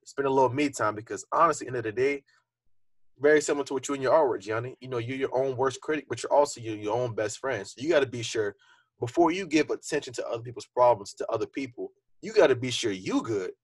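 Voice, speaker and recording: A young man speaking fast in a relaxed, earnest podcast chat, his voice a little husky. He reflects openly and keeps the talk loose with fillers. The sound is close and dry, with no room around it. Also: mid-range voice, dry recording. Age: young adult. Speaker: podcast co-host. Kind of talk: casual podcast conversation.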